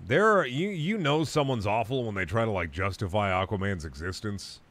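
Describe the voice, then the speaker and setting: A man's voice: lowish voice, lively intonation, moderate pace, a bit bright. A young man streaming a video game, chatting casually and ranting with lots of swearing. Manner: crude, profane, ranting. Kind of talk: casual gaming stream chat.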